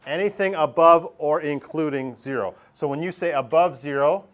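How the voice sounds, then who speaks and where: A man's voice: a little high, moderate pace. A man teaching a math lesson to a classroom, explaining casually and joking with students. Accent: Canadian.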